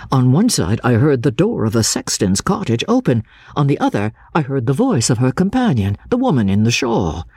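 A man narrating a classic novel in first person with a dramatic, expressive reading. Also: mid-range voice, breathy edge, no room sound, studio quality. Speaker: audiobook narrator.

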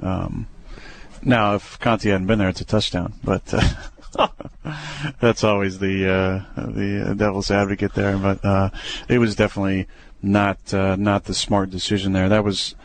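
A young adult man, a quarterback, talking through plays in a relaxed, hesitant way with many fillers and restarts. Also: fairly low pitch, unhurried. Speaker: football quarterback. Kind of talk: casual radio interview.

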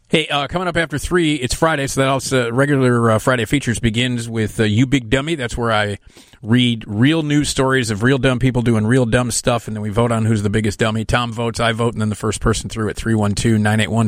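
A man's voice: mid-range voice, steady tone, a little fast, dry recording, clean studio sound. A man hosting a radio show, chatting casually and announcing upcoming segments. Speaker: radio host. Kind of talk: radio show host talk. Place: radio studio.

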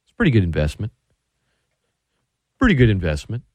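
A man hosting sports talk radio, excitable and animated, often restarting his sentences. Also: on the low side, fairly quick, dry recording.

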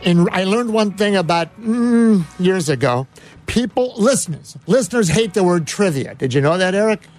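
A man's voice: high voice, lively intonation, normal speed, a little mellow, soft background music. A man hosting a sports radio show, telling rambling stories full of fillers and restarts in casual banter.

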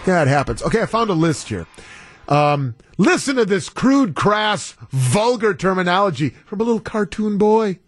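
A man hosts a casual radio talk show, rambling animatedly and reading listener texts. His voice sits a little high and swings widely. The studio sound is dry and close. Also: sing-song, moderate pace, no room sound.

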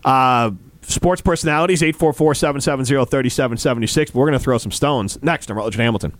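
A man's voice: mid-range voice, quick pace, no echo. A man hosting a sports radio show, chatting casually, teasing and rambling in studio banter. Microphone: studio microphone.

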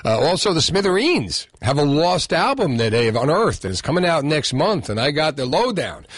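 A man hosting a radio talk show from New Jersey, bantering in a jokey, animated way with his co-host. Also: fairly high pitch, moderate pace, no echo, studio quality. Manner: jokey, animated, frequent laughs. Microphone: studio microphone.

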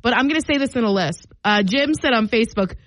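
A woman's voice: on the high side, lively intonation, fast talker, low-quality recording. A woman in her twenties co-hosting morning radio, chatty and rambling with lots of filler words. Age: 20s. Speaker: radio morning show co-host. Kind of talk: casual radio banter. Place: radio studio.

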